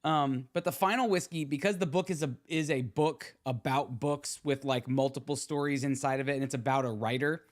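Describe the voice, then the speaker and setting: A man hosting a podcast, talking in a loose, rambling way with lots of ums and restarts. His voice sits at an ordinary middle pitch, relaxed and conversational. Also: a little fast, hardly any pauses. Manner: rambling, many fillers and restarts. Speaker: podcast host. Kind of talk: casual chat.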